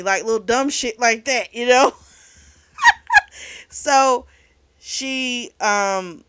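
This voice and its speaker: Speaking slowly with long pauses, a woman with a fairly bright, smooth, higher voice hosts a book club video. Her plot summary of the novel is offhand and blunt, peppered with curse words and "like."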